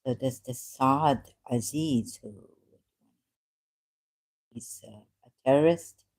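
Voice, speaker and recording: Slow, low-voiced woman rambling on a livestream. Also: darkish tone, dry recording. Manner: rambling, halting, laughs often at own remarks. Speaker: channel host. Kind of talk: rambling casual livestream talk. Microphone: USB desk mic.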